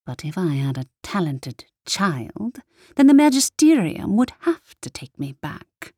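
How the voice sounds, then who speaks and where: A woman voicing a cruel, bitter sorceress who treats her daughter with slow, cutting scorn. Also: fairly low pitch, big pitch swings, dark tone, husky, no room sound, studio quality, heavily acted. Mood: bitter, scornful.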